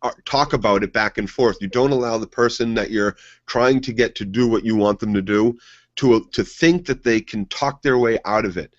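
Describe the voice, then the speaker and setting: A man's voice: fairly low pitch, moderate pace, no room sound, lo-fi sound. A man co-hosting a casual TV recap chat, blunt and argumentative. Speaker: co-host.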